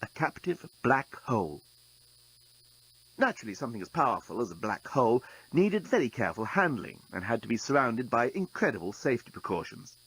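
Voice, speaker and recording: A man's voice: mid-range voice, very animated, a little fast, a bit bright, slight background noise, low-quality recording. A man narrating an audiobook in a dry, wry storytelling manner.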